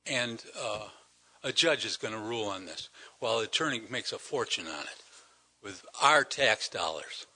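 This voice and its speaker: Older man, citizen delegate at a council meeting; indignant, emphatic, bright forceful voice with wide swings in pitch. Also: expressive, moderate pace. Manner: indignant, emphatic, rhetorical questions. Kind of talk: public comment speech.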